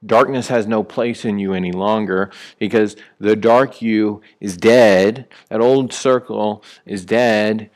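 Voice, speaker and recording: A man with a fairly low voice delivers a sermon in a relaxed, conversational way. He talks like he is chatting with his congregation, full of ums, uhs and restarted phrases. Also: slow, hardly any pauses. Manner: conversational preaching with many fillers and restarts; rises sharply when acting out calling someone back. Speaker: pastor.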